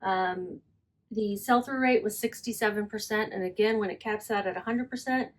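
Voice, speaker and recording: A woman's voice: mid-range voice, moderate pace. Chatty woman reviewing her sales. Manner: chatty, self-correcting, reads listing details aloud. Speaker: online reseller. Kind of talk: casual selling vlog.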